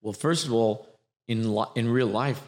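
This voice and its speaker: A man who coaches actors, explaining his ideas in a lively, repetitive way during a conversational interview. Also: medium pitch, normal speed. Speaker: acting coach.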